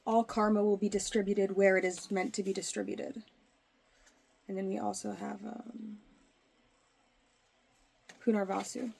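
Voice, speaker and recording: A woman's voice: mid-range voice, level tone, a little slow, gravelly, pauses often, a little mellow, breathy edge. Woman giving a rambling tarot reading. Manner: rambling, hesitant explaining with many restarts. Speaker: tarot reader. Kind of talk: casual tarot reading to camera.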